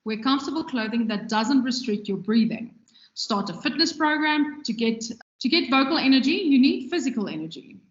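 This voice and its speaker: A woman with a somewhat high voice delivers a relaxed, conversational lecture on radio production. The sound is roomy and echoey. The recording is dull and lo-fi. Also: moderate pace. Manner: conversational, gestures freely with her hands.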